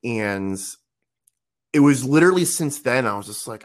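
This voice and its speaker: A man's voice: medium pitch, expressive, normal speed. Rambling man in his thirties. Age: 30s. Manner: rambling, many fillers and restarts. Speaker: podcast guest. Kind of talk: casual storytelling.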